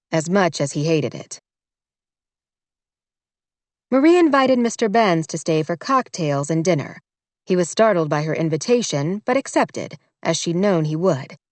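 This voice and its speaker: A woman narrating a romance audiobook in a measured, wry storytelling manner. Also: fairly low pitch, a little mellow, no echo.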